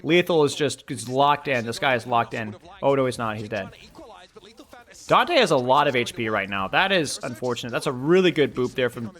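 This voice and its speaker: A young man with a mid-range voice, speaking at a moderate pace, co-streams an esports match. He's animated and joking, talking straight to his chat while breaking down the plays in casual live-stream commentary.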